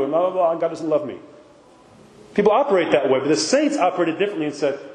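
This man speaks fast with lively intonation, his voice a little high and darkish in tone. He preaches a conversational sermon as a priest, emphatic and full of rhetorical questions, recorded in an echoey hall with faint background noise.

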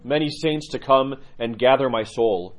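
A man voicing a humble dying old monk, speaking quietly, simply and earnestly. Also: medium pitch, moderate pace, close to an everyday voice.

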